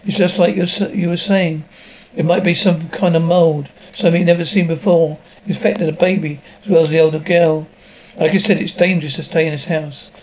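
Man, fairly high voice, reads dubbed drama with sound cues, dull recording. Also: fairly even intonation, a little fast, darkish tone. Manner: reads sound cues aloud between lines.

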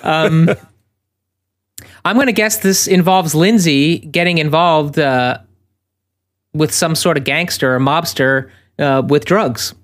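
A man's voice: on the high side, takes it slowly, pauses often. A man co-hosting a podcast, chatting casually in an easygoing, rambling way and often correcting himself mid-sentence. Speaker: podcast co-host.

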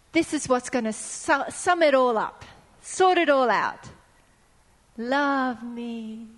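A middle-aged woman delivers a sermon in an earnest, storytelling way, hammering points home with repeated phrases. Her voice sits high. The sound rings with the long reverb of a large church hall. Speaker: preacher.

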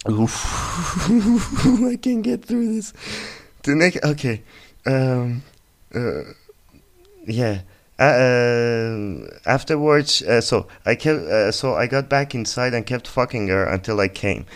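A man's voice: medium pitch, animated, slow pace. A man hosting a podcast, reading a listener's story aloud and breaking in with crude jokes and frequent laughter. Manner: laughs often, crude and joking asides. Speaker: podcast host. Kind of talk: casual comedic story reading.

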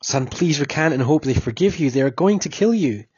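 An anxious older father pleading in a raised, strained voice, as a man reads him. The voice is husky and dry, on a dull recording. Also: on the high side, lively intonation, a little fast, a little mellow, no room sound, voice pushed up.

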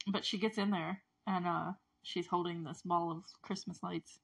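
A woman's voice: lowish voice, steady tone, moderate pace, vocal fry, breathy edge. A woman giving a casual, chatty recap of a TV episode, gushing and rambling with fillers and frequent laughter.

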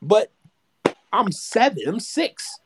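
A man's voice: high-pitched, very animated, slow pace, crowd noise. A man in his twenties chatting casually as a podcast co-host, rambling, repeating words and swearing freely. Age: 20s. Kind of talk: casual chat.

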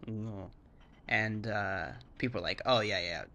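A man's voice: on the low side, moderate pace, sharp tone. A man casually explaining language sounds in a rambling way, full of "like"s, restarts and demonstrations. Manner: rambling, filler-heavy, with many "like"s and restarts; acts out word sounds to demonstrate. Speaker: English-speaking foreigner explaining Thai sounds. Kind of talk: casual chat.

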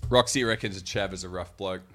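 A man's voice: deep voice, fairly quick. A man co-hosting a casual, joking chat, often talking over his co-host.

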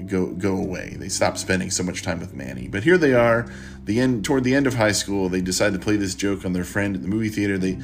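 A man hosting a podcast, recapping and recommending a book in a halting, rambling way with many restarts. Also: on the low side, vocal fry. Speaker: podcast host.

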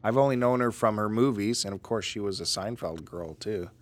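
A man co-hosting a podcast, trading teasing banter and laughing often, a little hoarse from losing his voice. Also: fairly low pitch, a little fast. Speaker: podcast co-host. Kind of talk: casual banter.

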